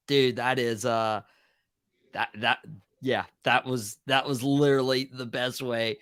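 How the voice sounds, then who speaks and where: A man hosting a wrestling podcast, chatting casually and excitably. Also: medium pitch, a little slow, clean tone, dry recording, clean studio sound. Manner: casual, excitable, says "dude" a lot. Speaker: podcast host.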